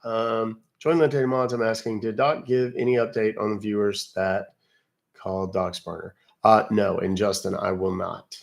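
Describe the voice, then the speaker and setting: Man, live-stream host, casual chat, folksy, rambling, somewhat low voice. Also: steady tone, normal speed, vocal fry. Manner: folksy and chatty, with frequent "uh" and mild exclamations. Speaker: live-stream host baiting scam callers.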